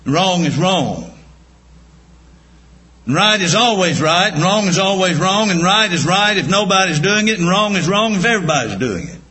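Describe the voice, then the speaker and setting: A man preaching a sermon, telling homespun stories and repeating his points slowly for emphasis. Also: high-pitched, expressive, bright, forceful tone. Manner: folksy, homespun storytelling with slow emphatic repetition. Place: church. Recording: echoey church room.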